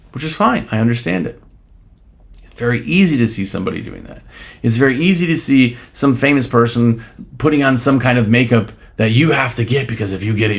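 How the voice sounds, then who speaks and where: Man, podcast host, blunt, casually profane, rhetorical questions, animated pitch, mid-range voice. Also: creaky. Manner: rhetorical questions, frequent "right?". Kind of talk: solo podcast monologue.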